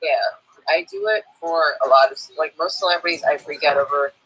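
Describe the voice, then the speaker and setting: A young woman, a guest in a casual chat, talking in an excitable, gushing way. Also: low voice, a little fast, background noise. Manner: excitable, gushing, many "like" fillers.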